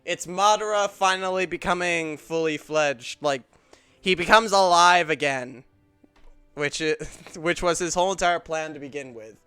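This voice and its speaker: A young man talking through his gameplay in a playful, joking way. His voice is high, bright and clean, with faint game music underneath. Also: moderate pace, smooth. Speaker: gameplay streamer. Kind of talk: casual let's play commentary.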